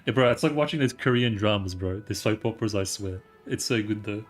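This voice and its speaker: A man hosts a casual game stream, mixing story reading with excitable, teasing asides. His voice sits on the low side, and he breaks into laughter often. A faint strain of music plays behind him. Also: fairly quick.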